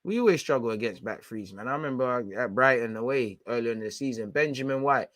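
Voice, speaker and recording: A man's voice: mid-range voice, brisk, dry recording, clean studio sound. Fired-up man reacting live to football. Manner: animated, shouting at players, frustrated, slangy. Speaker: football watchalong streamer. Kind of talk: live match reaction commentary.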